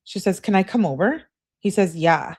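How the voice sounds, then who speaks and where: A woman hosting a true-crime channel, reading a couple's text messages aloud in a casual way and breaking off for quick remarks of her own. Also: medium pitch, expressive, a little mellow, slightly rough. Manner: reads texts aloud, breaks off with quick asides. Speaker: host reading case evidence.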